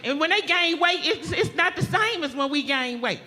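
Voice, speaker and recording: Brash high-voiced woman doing stand-up. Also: expressive, moderate pace, long reverb tail. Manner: brash, tells it like it is, laughs at her own jokes. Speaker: stand-up comedian. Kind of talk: stand-up comedy set. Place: comedy club stage. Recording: live club audience and noise. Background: audience laughing.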